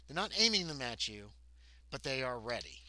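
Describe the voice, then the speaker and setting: A man's voice: mid-range voice, very animated, moderate pace, sharp tone, a little hiss or hum. A man narrating a tabletop game as game master, rambling along with many ums and self-corrections.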